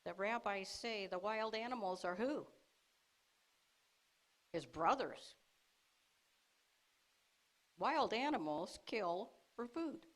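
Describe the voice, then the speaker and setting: Woman preaching, lively storyteller, does the characters' lines herself, mid pitch. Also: slow, pauses often, rough recording. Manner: lively storytelling, acting out the brothers' lines with laughs. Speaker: speaker at a congregation service. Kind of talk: teaching sermon.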